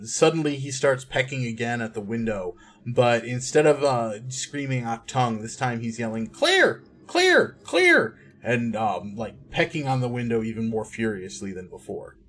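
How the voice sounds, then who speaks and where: A man running a tabletop game as game master, describing scenes with frequent ums. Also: mid-range voice. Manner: descriptive, hesitant with many ums.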